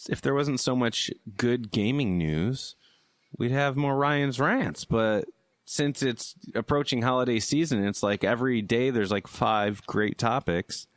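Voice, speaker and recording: A man's voice: mid-range voice, unhurried, no echo, studio quality. A young man co-hosting a gaming podcast, easygoing and rambling as he runs through the show's segments. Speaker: podcast co-host. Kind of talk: casual podcast chat.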